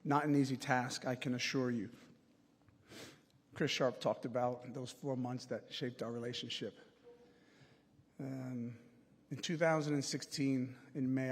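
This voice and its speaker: An American man in his forties speaks at a podium in a large hall, his voice trailing off into a long reverb. He delivers an earnest prepared speech at a middle pitch, pausing on fillers and restarting phrases as he goes. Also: breathy edge. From United States. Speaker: Hall of Fame inductee giving a speech.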